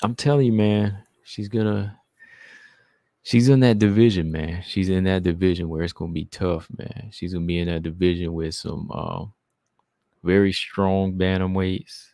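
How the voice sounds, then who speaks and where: Gravelly-voiced man hosting a live chat. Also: low voice, level tone, normal speed, mellow, dry recording, studio quality. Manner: chatty, answers viewers, says "man" a lot. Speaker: livestream host reading chat. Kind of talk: casual live-stream chat.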